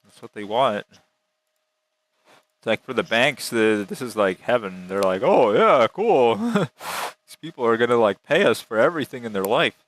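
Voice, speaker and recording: A man talking casually in a skeptical tone, halting and restarting as he rambles along. His pitch sits in a middle range for a man. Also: expressive, a bit bright. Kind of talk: casual chat.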